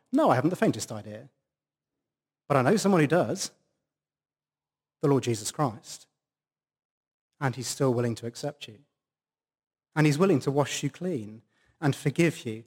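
Emphatic male preacher, lively pitch. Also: moderate pace, long pauses. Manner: emphatic, stressing single words. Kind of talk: sermon. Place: church service with a baptism.

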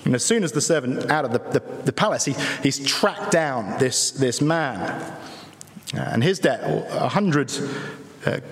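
A man's voice: medium pitch, lively intonation. Earnest preacher man in an echoey hall. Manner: earnest, uses rhetorical tag questions, pauses between phrases. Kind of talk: sermon. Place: church.

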